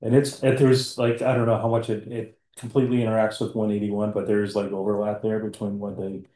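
A man's voice: on the low side, level tone, a little fast, dark tone. A man in a casual meeting discussion, hedging with lots of fillers. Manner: hedging, lots of likes and you knows. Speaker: forester on planning board. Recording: echoey room.

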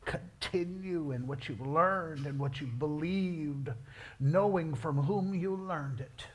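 A man preaching a sermon, moving between quiet storytelling and loud, drawn-out climaxes. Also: on the high side. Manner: dramatic, swings from quiet storytelling to shouted climaxes; slow, drawn-out emphasis on key words.

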